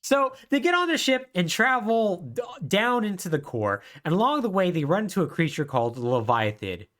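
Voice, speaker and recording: A man's voice: high voice, fairly quick. A man co-hosting a podcast, casually retelling a story with jokes and laughs. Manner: animated storytelling, laughing at his own jokes. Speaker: podcast co-host. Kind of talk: casual chat.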